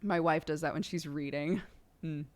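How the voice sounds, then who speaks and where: A woman's voice: sits low, fairly even intonation, moderate pace. Chatty, giggly woman streamer. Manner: chatty, laughs often, heavy use of "like". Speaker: livestream host. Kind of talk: casual chat.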